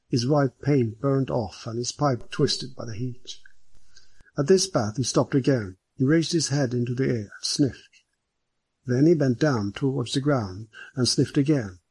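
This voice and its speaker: A man reading a novel aloud as an audiobook narrator in a steady, measured way. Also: mid-range voice, slightly rough, dry recording. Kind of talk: scripted narration.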